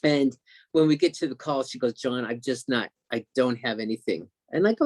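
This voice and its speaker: A man telling an excited, emotional story as a guest on a video call, acting out what others said. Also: mid-range voice, normal speed, no room sound. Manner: excited, emotional storyteller who acts out quotes.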